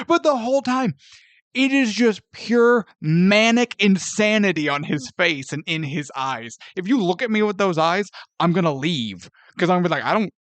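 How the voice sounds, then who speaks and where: Podcast co-host, male, high voice, animated scene-reenacting movie talk, dry close sound. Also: moderate pace, no echo. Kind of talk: casual movie review chat.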